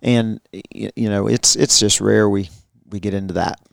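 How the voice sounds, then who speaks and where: A man in his thirties co-hosting a casual podcast, his voice gravelly with a bit of fry. He tells stories in an animated way and pokes fun at himself. The sound is dry and close. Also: fairly low pitch, moderate pace, dry recording. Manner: animated storyteller, self-mocking. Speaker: pastor and podcast co-host. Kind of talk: casual storytelling chat.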